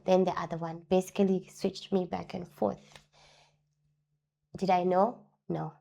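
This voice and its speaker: This interview guest is a woman with a rather low, gravelly voice who speaks at a measured pace and stops frequently. Earnest in telling her own story, she echoes central phrases for emphasis and performs other people's lines vividly.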